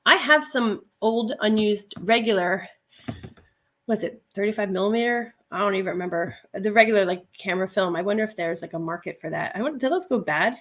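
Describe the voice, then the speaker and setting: A woman's voice: medium pitch, fairly quick, fairly bright tone. A middle-aged woman chatting casually on a livestream, reading viewer comments, laughing often and wandering into asides. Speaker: livestream host, reseller.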